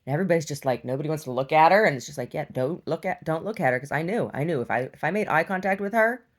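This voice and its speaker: A young adult woman vlogger tells a story as a casual, animated rant, laughing and lurching from loud outbursts to hushed asides. Her voice is deep and she speaks very fast.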